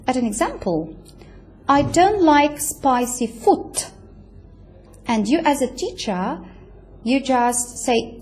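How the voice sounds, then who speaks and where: A woman's voice: a little high, slight background noise. A woman giving a university lecture, explaining step by step with many fillers and checking in with "right?". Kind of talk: recorded lecture.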